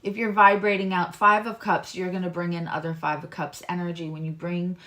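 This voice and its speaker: A woman's voice: fairly low pitch, level tone, brisk, pushed and bright. A woman hosting a live-stream tarot reading, chatting loosely with viewers and explaining cards. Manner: chatty and rambling, talks to chat viewers.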